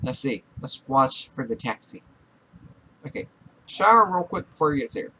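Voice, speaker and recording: A very animated young man with a pushed, bright mid-range voice speaks at normal speed, with a bit of background noise. Exasperated and swearing a lot, he bosses and scolds the characters he controls in his profane Let's Play for YouTube.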